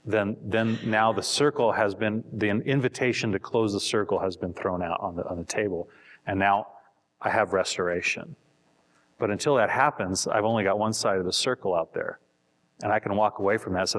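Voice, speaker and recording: Male seminar teacher, lowish voice, plain hesitant delivery with repeated words. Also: normal speed, a bit bright.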